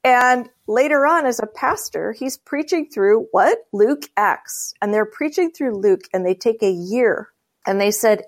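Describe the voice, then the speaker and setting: A woman as guest on a faith talk show, telling a story with energy and acting out the voices she quotes. Her pitch sits in the middle and rises often when she quotes someone. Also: a little slow. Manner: animated, acts out quoted voices. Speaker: guest speaker, church leader. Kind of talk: storytelling conversation.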